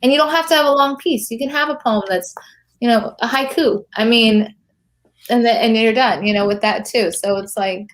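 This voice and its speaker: A woman's voice: on the high side, moderate pace. A woman poet and professor chatting casually as a guest in an interview, using slang and lots of fillers.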